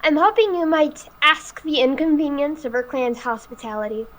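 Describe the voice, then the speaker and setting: A woman's voice: high-pitched, moderate pace, fairly bright tone, pitched above the performer's own voice. A woman voicing a weary, formal female envoy who speaks politely and trails off.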